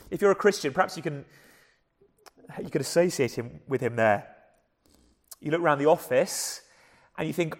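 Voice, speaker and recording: A hoarse man with an English accent, preaching a sermon in an earnest, conversational way with frequent repeated starts. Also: a little high, a little fast, pauses often, big-room sound. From England. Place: church.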